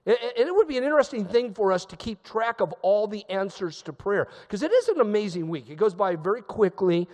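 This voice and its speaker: A man's voice: sits high, sing-song, brisk, few pauses, a little mellow, in a large hall. A male pastor preaching a sermon in a church sanctuary, telling a story in a conversational way and stressing points by repeating them. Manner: conversational storytelling, emphatic repetition.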